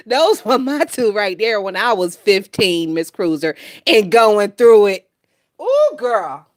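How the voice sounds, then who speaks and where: A woman's voice: medium pitch, big pitch swings, slow, no room sound, clean studio sound. A woman hosting a gossip channel, talking bluntly and with lots of swearing and laughter. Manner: blunt, profane, laughs often. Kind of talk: casual commentary.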